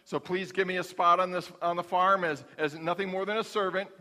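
A man's voice: high-pitched, fairly even intonation, brisk, sharp tone. A male pastor preaching a folksy, humorous sermon in a church. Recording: long hall reverb.

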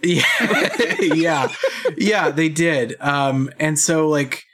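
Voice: medium pitch, extremely slow, background noise. A podcast co-host in casual chat who rambles, searches for words and laughs easily.

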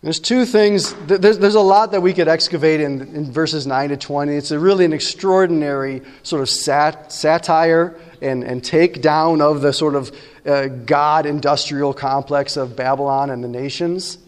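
Man, pastor, high voice, conversational sermon, long hall reverb. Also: normal speed, clear, resonant tone. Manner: conversational preaching with frequent "right?" asides.

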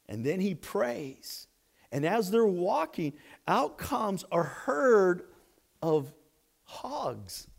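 A man preaching a sermon as a story, animated and swinging between hushed and loud. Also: high voice, extremely slow, creaky.

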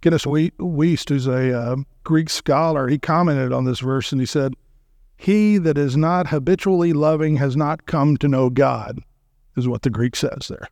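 Preaching as a guest speaker, a man stays emphatic and keeps checking in with his listeners, easing his pace to recite scripture and hymn lines. His voice is on the high side and a little mellow, recorded cleanly in a studio with no echo.

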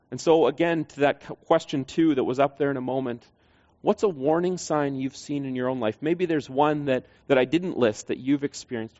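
A man's voice: mid-range voice, a little mellow. A man preaching a sermon as pastor in a church, earnest and conversational, putting questions to the congregation. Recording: slightly dull, lo-fi sound.

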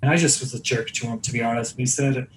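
A man of Iranian heritage co-hosting a casual podcast, telling blunt, profane anecdotes and slipping into quick impressions. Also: medium pitch, steady tone, a little hiss or hum, low-quality recording. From Iranian family. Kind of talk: casual storytelling chat.

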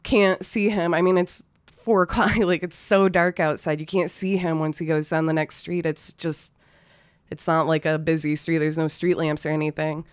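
At a moderate pace, a former restaurant server recounts an anecdote in a relaxed, conversational manner, swearing freely, leaning on fillers and breaking into short nervous laughs. Her lowish voice is smooth and clean, captured close and dry without room echo.

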